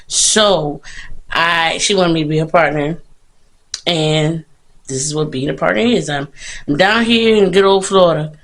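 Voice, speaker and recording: A woman's voice: low voice, measured pace. A young woman vlogging casually into a phone held at arm's length, chatty and self-mocking, rambling and laughing often. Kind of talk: casual vlog chat. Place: bathroom and hotel, indoors.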